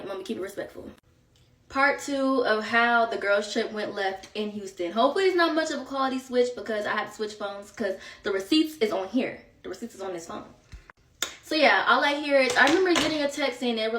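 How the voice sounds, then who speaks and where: A young woman chats through a long storytime, circling back with asides to her viewers. Her voice sits a bit high and comes from some distance off the mic. The room around her is echoey. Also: fairly bright tone, slight background noise. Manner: chatty, filler-heavy, rambling asides to viewers. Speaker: storytime vlogger. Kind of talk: casual storytime chat.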